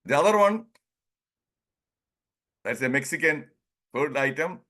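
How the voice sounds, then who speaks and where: This Indian man with an Indian English accent has a fairly high, animated voice with a bright, forceful tone. Leading an online group session, he gives an informal talk on pronunciation, chuckling a lot, acting out little dialogues and drawling words slowly.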